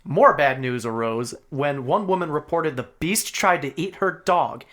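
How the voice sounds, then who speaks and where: Man reading cryptid lore with lively swings. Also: fairly high pitch, a little slow. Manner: laughs often, swears casually. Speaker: podcast host. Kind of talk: casual comedic chat, reading research aloud.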